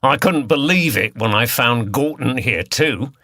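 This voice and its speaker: A man's voice: medium pitch, lively intonation, measured pace, bright, forceful tone, dry recording, studio quality, heavily acted. A man voicing a harsh, aggressive male criminal with a Cockney accent. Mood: boastful. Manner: snarling, slouching, aggressive.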